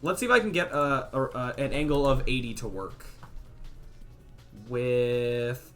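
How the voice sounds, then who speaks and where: A man's voice: medium pitch, a little slow, fairly bright tone, soft background music. A young man streaming game development, thinking aloud casually as he tests values, trailing off and restarting his sentences. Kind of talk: casual livestream thinking aloud while coding.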